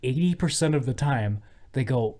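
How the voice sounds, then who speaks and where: Animated man chatting about movies. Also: medium pitch, normal speed. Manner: animated retelling, mimics lines in raised voices. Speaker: podcast co-host. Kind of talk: casual movie-talk podcast chat.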